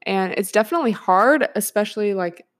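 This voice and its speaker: A woman's voice: medium pitch, expressive, brisk. Chatty young woman podcast host. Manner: chatty, rambling, lots of filler words and frequent laughs. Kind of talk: casual solo podcast chat.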